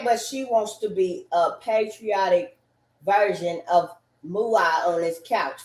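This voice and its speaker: Loud profane woman ranting in echoey room. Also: expressive, measured pace. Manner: profane, repetitive, swings between loud and low. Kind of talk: animated rant.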